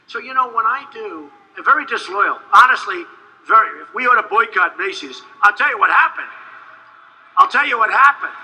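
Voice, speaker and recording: A man giving a rambling, boastful campaign rally speech, repeating himself and sometimes shouting. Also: high voice, low-quality recording. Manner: shouts at times to a crowd. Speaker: political candidate.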